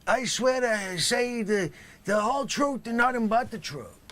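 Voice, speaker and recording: A man voicing a brash, tough-talking middle-aged male drug dealer who swaggers and boasts, swinging from loud claims to low mutters in a comedy sketch. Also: animated, moderate pace, slight background noise. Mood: swaggering.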